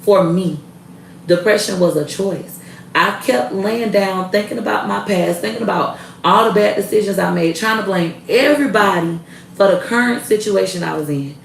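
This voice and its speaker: A woman's voice: medium pitch, vocal fry, reverberant, recorded from a distance, slight background noise, rough recording. A woman in her thirties ranting to camera in a blunt, heated, profane way. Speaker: vlogger. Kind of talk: casual rant to camera.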